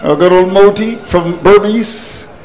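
A man's voice: high voice, unhurried, a little mellow, poor audio. A man commentating cricket on radio, exasperated at his team's collapse and repeating phrases for emphasis.

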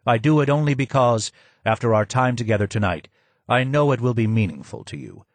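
A man's voice: medium pitch, animated, brisk, dry recording, lightly acted. A man reading the part of a courteous male guide, speaking politely and formally.

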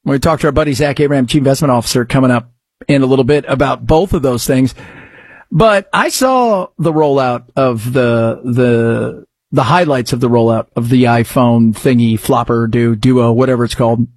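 A man hosting a talk radio show, chatting excitably and rambling about sports news. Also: mid-range voice, normal speed, slightly rough, dry recording.

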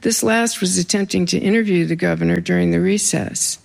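An author reading memoir pieces aloud to a live audience, with wry, deadpan asides between passages. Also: mid-range voice, brisk, vocal fry. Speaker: author reading their own writing.

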